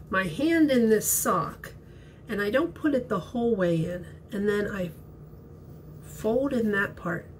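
A woman teacher reading a children's story and explaining a craft, gentle and clear, step by step. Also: medium pitch, slight background noise.

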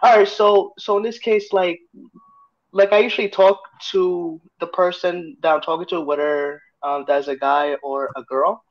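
A man's voice: high-pitched, steady tone, moderate pace. A man joining a stream as a guest over his phone, hesitant and full of restarts. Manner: hesitant, many fillers and restarts. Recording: dull phone audio.

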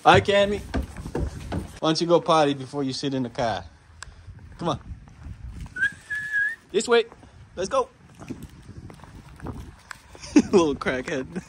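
A man's voice: a little high, lively intonation, slow, pauses often, noisy background. A young man vlogging casually, rambling with lots of "like" fillers, recorded on a handheld phone. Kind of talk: casual vlog chat. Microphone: handheld phone camera.

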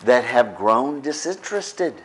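A man's voice: medium pitch, expressive, unhurried, fairly bright tone, slight background noise. A middle-aged man preaching a conversational sermon as pastor, often checking in with his listeners. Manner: conversational preaching, keeps asking "right?".

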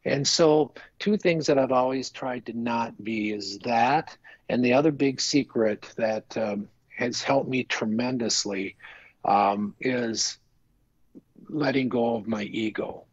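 On a business podcast, a male guest tells stories in a casual interview, speaking slowly in a mid-range voice with a breathy edge. He is earnest and rambling, restarting often and saying "you know" a lot. The recording is dry, with the highs cut off.

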